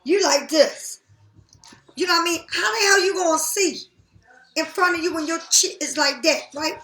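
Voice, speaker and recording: A woman giving a casual tarot reading straight to the viewer, blunt and profane, talking in an animated way. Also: very high-pitched, moderate pace, reverberant. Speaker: tarot reader.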